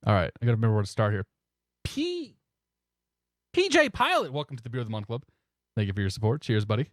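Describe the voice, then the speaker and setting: Lively-voiced man streaming casually. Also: medium pitch, fast, no echo, studio quality. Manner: relaxed, chuckling, thanks viewers by name. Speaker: flight sim streamer. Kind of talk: casual live-stream chat.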